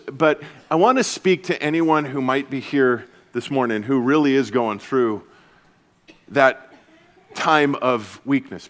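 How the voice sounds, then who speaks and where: Earnest preacher guy at church, slightly high voice, goes quiet and gentle at times. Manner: earnest, shifts to soft hushed tones when quoting Jesus. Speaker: pastor. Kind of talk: sermon. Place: church service.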